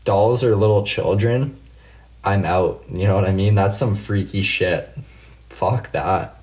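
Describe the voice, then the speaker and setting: A man's voice: on the low side, steady tone, unhurried, a little mellow. A man casually chatting with viewers on a late-night live stream, swearing freely and telling laid-back stories while he answers comments by name.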